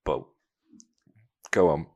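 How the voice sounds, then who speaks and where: A man's voice: drawn-out words, a little mellow, highs cut off. A man hosting a podcast, rambling and playfully teasing his co-hosts in casual chat. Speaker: podcast host.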